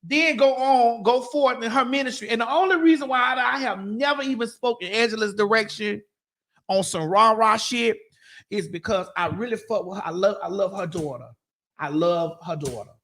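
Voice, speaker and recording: A woman from Miami-Dade hosting a morning talk show, telling a story in a blunt, profane, animated way. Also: medium pitch, moderate pace. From Miami-Dade, Florida.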